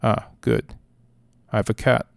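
A man reading the lines of a troubled woman who hears accusing voices, in a quiet, halting way. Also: no echo, close to an everyday voice. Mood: uneasy.

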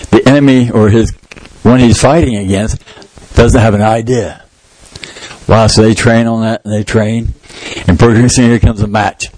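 A male pastor preaching a sermon in church, telling a story with lively, shouted sound effects. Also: medium pitch, no room sound, poor audio.

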